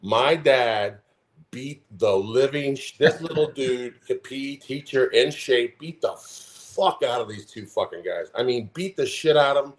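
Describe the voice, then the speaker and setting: A man's voice: mid-range voice, animated, a little slow. A man in his forties, a podcast co-host, telling a heated, profanity-filled story in casual chat. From Omaha, Nebraska. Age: 40s.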